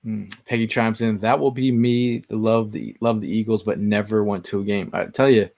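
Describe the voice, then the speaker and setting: Man, lower pitch, earnest, casual chat. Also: fairly even intonation, normal speed, creaky, a little mellow. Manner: earnest, reads comments aloud. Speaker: guest fan.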